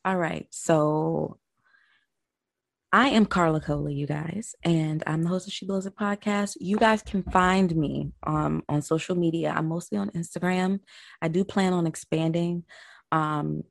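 A woman's voice: deep voice, steady tone, measured pace, vocal fry, dry recording, clean studio sound. A woman from Florida, a podcast host, chatting casually as a guest and telling stories with a laugh.

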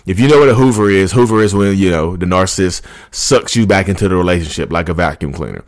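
Low-voiced man in his thirties ranting. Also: fast talker, dry recording, studio quality. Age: 30s. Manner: chatty and rambling, often addresses viewers as "y'all"; passionate, ranting bursts. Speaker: YouTube channel host. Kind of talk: casual talk to camera.

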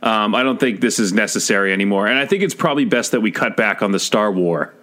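A man's voice: fairly low pitch, lively intonation, fast talker, sharp tone. A man co-hosting a podcast in casual chat, making dry, sardonic remarks. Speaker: podcast co-host.

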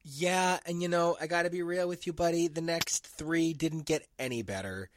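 A man hosting a comic book review podcast, talking in a sarcastic, animated way with some swearing. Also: on the high side, moderate pace, a little hiss or hum. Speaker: podcast host.

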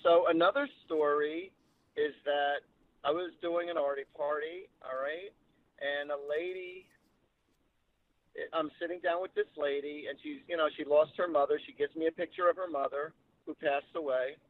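A man's voice: fairly high pitch, fairly even intonation, moderate pace, no echo. A man working as a psychic medium, chatting casually and retelling readings with quoted dialogue. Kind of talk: casual storytelling. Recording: tinny phone-like line.

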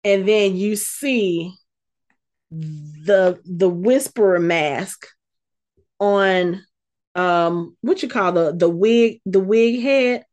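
A woman co-hosting a casual podcast, retelling a show's episode with lively acted-out quotes. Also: mid-range voice, drawn-out words. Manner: animated storyteller, acts out quotes. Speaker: podcast co-host.

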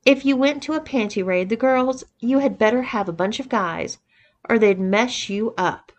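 A woman's voice: a little high, normal speed, lightly acted. A woman reading the part of a sheepish young man recounting a story, matter-of-fact.

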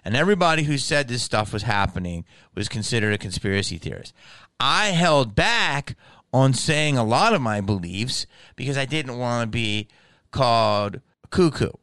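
Speaking straight to camera, a male comedian delivers an animated, foul-mouthed comic rant at a moderate pace. His medium-pitched voice is smooth and clear, captured in a close, dry recording without echo.

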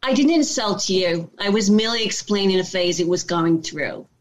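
A woman's voice: mid-range voice, lively intonation, normal speed, natural voice. A woman putting on a New York accent to play a brash, mocking New York woman. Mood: scornful.

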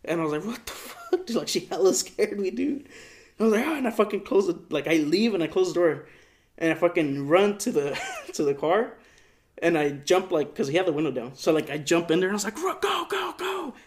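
This young podcast co-host has a voice on the high side and talks a little fast. He casually tells a story using slang and profanity, performing the people in it with voiced quotes.

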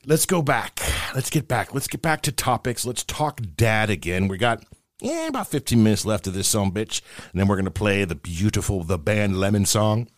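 Telling dad jokes on a podcast he co-hosts, this middle-aged man rambles and mocks himself. He speaks a little fast in a fairly low voice with big pitch swings, in studio quality with no room sound.

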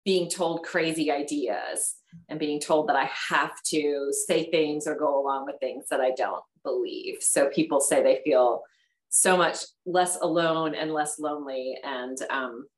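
A woman speaking as a panel guest over a video call, thoughtful and measured. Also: low-pitched. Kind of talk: casual chat. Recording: roomy echo on a video call.

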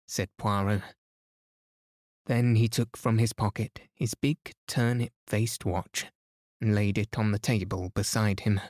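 A man reading a story aloud in a calm, soothing bedtime style. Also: fairly low pitch, unhurried, dry recording, clean studio sound. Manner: soft, steady, soothing. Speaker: sleep podcast narrator.

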